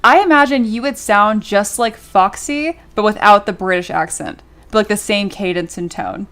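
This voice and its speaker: A young adult woman chats casually and giggles while livestreaming her sculpting, reading viewer comments aloud with lots of fillers. Her mid-range voice is a bit bright and moves at a moderate pace.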